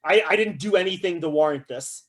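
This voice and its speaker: A man giving a casual, animated philosophy lecture to a class, often checking in with "right?" and acting out quotes with humor. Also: fairly high pitch, brisk. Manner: acts out quoted voices with humor.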